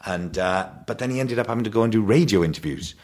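Low-voiced man telling lively stories. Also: quick pace. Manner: animated storyteller, does voices. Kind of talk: casual chat, anecdotes.

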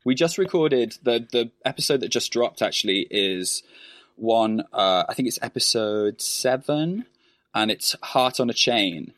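A man's voice: medium pitch, expressive, a little slow, a bit bright, no echo, studio quality. A man with a British accent, an actor guesting on a podcast, speaking enthusiastically in casual chat and often saying "sort of".

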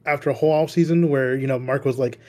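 A podcast host chats casually, laughing often and rambling with lots of "like" and "you know." He talks fast in a mellow, medium-pitched voice with fairly even intonation.

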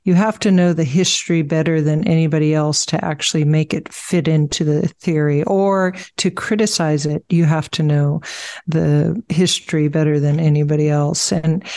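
A woman's voice: low voice, fairly even intonation, moderate pace, darkish tone, no echo. A woman cohosting a conversation, agreeing and thinking aloud with restarts. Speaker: podcast cohost. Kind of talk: casual conversation.

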